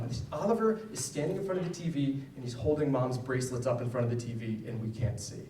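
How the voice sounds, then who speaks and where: A man's voice: mid-range voice, fast, darkish tone, slight background noise. A man, a psychologist, giving a conversational talk to parents with personal stories, often checking in with "right?". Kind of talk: public lecture with personal stories. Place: school event hall. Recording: roomy, distant mic, faint ambience.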